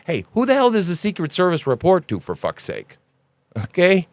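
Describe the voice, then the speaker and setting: A man hosting a news commentary podcast, ranting in an animated, sarcastic and profane way. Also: mid-range voice, normal speed, no echo. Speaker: podcast host.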